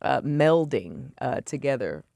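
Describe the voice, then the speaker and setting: A woman's voice: extremely low pitch, measured pace, vocal fry, dry recording. Effusive woman guest in a dry studio. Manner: effusive, warm praise in lively slang. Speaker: actress, guest. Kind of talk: talk show interview.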